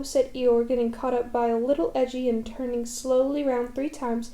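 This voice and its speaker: A woman calmly reading a children's storybook aloud in a gentle manner. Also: on the high side, moderate pace. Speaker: reader. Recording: echoey room.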